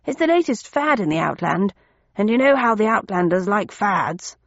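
A woman reader voicing a brisk, clipped older gentleman official in a hurry. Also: mid-range voice, sing-song, no room sound, dull audio. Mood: urgent.

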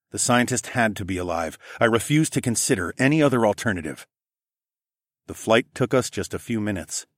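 Man reading a first-person story, lowish voice, steady and matter-of-fact, dry close sound. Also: no room sound. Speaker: narrator.

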